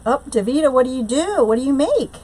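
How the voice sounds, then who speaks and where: A woman's voice: high voice, animated, fairly quick, dark tone, husky, rough recording. Chatty woman hosting a live craft tutorial. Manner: chatty, answers viewer comments aloud; frequent fillers and trailing restarts. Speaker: craft channel host.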